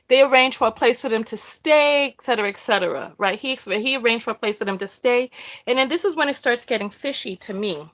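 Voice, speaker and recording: A woman's voice: fairly high pitch, a bit bright. A woman hosting a live stream in casual, chatty talk, often repeating herself and checking in with "right?". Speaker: host of a live discussion.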